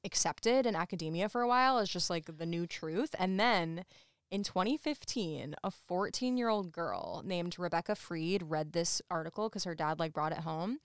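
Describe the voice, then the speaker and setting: A woman co-hosting a podcast, recapping a show in casual chat, full of "like" and quick asides. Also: on the low side, lively intonation, clean tone, no echo, clean studio sound. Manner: chatty, lots of "like", laughs while talking. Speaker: podcast co-host.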